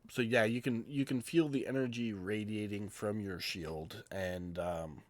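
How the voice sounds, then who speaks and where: Relaxed male game master, lowish voice, loose delivery with fillers. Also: a little slow, dry recording. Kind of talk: running a live tabletop game.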